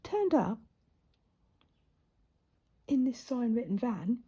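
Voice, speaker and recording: A woman's voice: on the high side, sing-song, takes it slowly, dark tone, slightly rough. A woman casually telling a story while she sews, chatty and laughing often. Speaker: crafter and vlogger. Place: at home in front of a camera.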